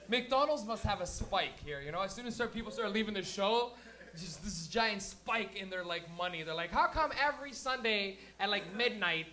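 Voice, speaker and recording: A brash man hosting a stand-up show, with a high, bright, ringing voice. He swears freely and jumps into quick character voices. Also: expressive. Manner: brash, profane, acts out characters. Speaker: comedy show host. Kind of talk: stand-up comedy. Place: comedy club stage.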